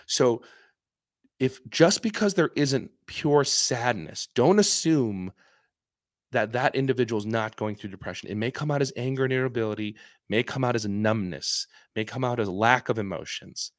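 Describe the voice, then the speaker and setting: Answering viewers' questions on a relaxed live stream, this psychiatrist talks with earnest emphasis, frequently restarting or repeating himself and voicing quoted patients. He has a mid-range voice at a moderate pace, captured in clean studio sound without room noise.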